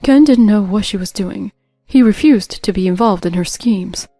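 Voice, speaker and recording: A woman playing a kind, sorrowful older mother in a told story, soft and apologetic in every phrase. her voice stays close and dry, with a gentle weariness. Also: mid-range voice, normal speed, no room sound, soft background music, close to an everyday voice.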